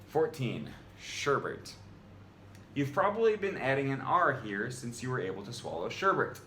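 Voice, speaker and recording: A young man vlogging about language with a bright, ringing voice that swoops all over as he argues. He sounds exasperated and incredulous, pushing back point by point in opinionated commentary. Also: medium pitch, big pitch swings, unhurried, slight background noise.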